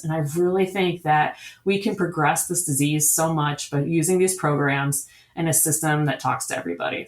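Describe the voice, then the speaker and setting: A woman guest in an interview, an eager and talkative storyteller. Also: low voice. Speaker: diabetes camp director, guest. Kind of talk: conversational interview. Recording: echoey room.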